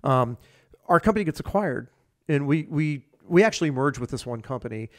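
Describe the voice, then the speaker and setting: A man's voice: medium pitch, animated, a little fast. Rambling middle-aged man telling stories. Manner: rambling, with many fillers and restarts. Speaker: podcast guest. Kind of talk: casual storytelling.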